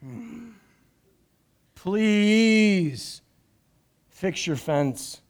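A middle-aged man preaches from a church stage in a fairly high voice. He is animated, stumbles over repeated words and drops jokey asides between points of the sermon. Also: extremely slow. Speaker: pastor. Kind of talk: live-streamed sermon.

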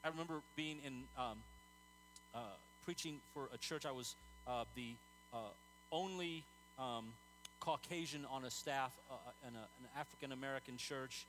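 A man's voice: mid-range voice, moderate pace, a bit bright, a little hiss or hum, rough recording. A man preaching a sermon in an earnest, conversational way, telling stories with many fillers and restarts.

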